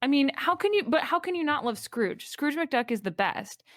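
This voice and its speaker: A woman's voice: high-pitched, lively intonation, moderate pace, a bit bright, no echo, studio quality. A woman guest on a podcast, talking enthusiastically in casual chat, rambling with many fillers.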